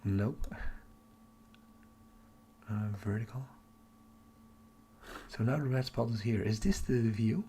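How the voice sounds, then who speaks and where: An astronomy livestreamer at home at night thinks aloud excitedly in a gravelly, lowish voice, speaking slowly with long pauses and sometimes dropping to a whisper. There's a little hiss or hum in the casual stream.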